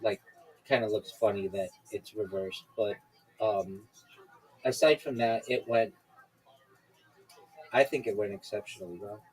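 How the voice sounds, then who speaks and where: A man's voice: lowish voice, steady tone, measured pace, pauses often, a little mellow, breathy edge, low-quality recording. A man hosting a podcast over a video call, chatting casually and rambling with many fillers and restarts. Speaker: podcast host. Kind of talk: casual chat.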